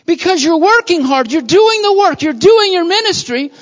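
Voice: very high-pitched, expressive, moderate pace, long reverb tail. Impassioned preacher on a dull recording. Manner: builds to loud, impassioned repetition, then drops quiet and earnest. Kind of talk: sermon.

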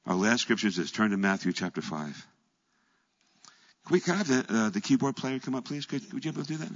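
A middle-aged man preaching a sermon, telling a story and swinging from quiet, low asides to loud, animated passages. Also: fast. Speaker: pastor. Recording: echoey hall, dull lo-fi sound.

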